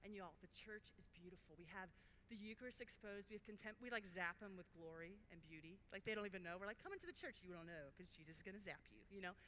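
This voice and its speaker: A woman's voice: mid-range voice, quick pace, sharp tone. A woman speaking at a youth conference workshop, telling a faith story in an enthusiastic, casual way with lots of "like"s. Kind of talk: faith testimony talk. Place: large conference hall. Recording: echoey hall with faint noise.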